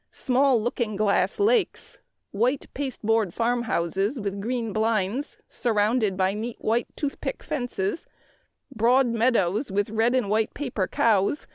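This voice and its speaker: A woman narrating a classic story in a measured, expressive reading. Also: on the high side, no echo, studio quality. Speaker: audiobook narrator.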